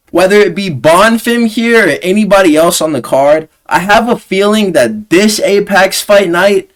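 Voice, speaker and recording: A man's voice: fairly high pitch, a bit bright. Joking man with slangy fight commentary. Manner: joking, slangy, crude humor. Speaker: host of a fight predictions channel. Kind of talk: casual fight-prediction commentary.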